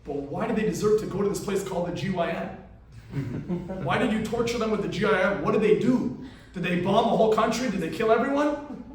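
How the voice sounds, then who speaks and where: Baffled male alien visitor as a preacher puts him on: earnest, pleading questions, a fairly high voice, heard from far off in a very echoey hall. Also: animated, fast, slight background noise. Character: bewildered male alien visitor, curious and easily shocked.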